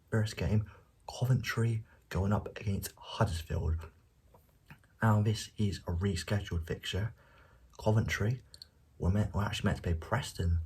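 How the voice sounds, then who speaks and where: Hushed, very breathy low-voiced man. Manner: speaks quietly, at times near a whisper. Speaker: football vlogger. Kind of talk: casual football predictions talk. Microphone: no dedicated microphone.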